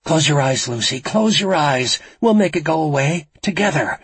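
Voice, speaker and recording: A man voicing a woman who speaks in a steady, lulling way, urging someone to listen and close their eyes. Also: fairly high pitch, moderate pace, husky, pitched above the performer's own voice, exaggerated voice. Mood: urgent coaxing. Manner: soft, lulling, urgent pleading. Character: calm, coaxing woman trying to soothe someone.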